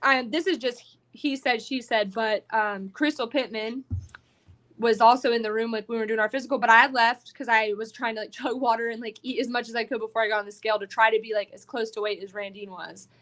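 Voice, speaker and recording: Woman fighter guest, fairly high voice, animated and salty, chatty podcast storytelling. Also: a little fast. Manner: animated, profane storytelling full of "like". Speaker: bare-knuckle fighter guest. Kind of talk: casual podcast interview.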